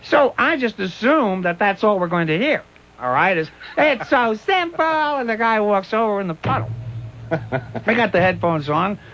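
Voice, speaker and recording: Animated radio host man, lively pitch. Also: normal speed, a little hiss or hum. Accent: Pittsburgh. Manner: animated, laughing, doing voices in quoted bits. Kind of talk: casual on-air storytelling. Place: radio studio. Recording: dull lo-fi radio broadcast recording.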